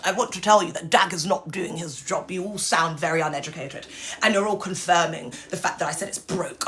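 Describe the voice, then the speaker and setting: A woman's voice: mid-range voice, sharp tone. Mocking young woman on a livestream. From United Kingdom. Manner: mocking, taunting, swings between mock-proper and street slang. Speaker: livestream host. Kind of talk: unscripted live commentary.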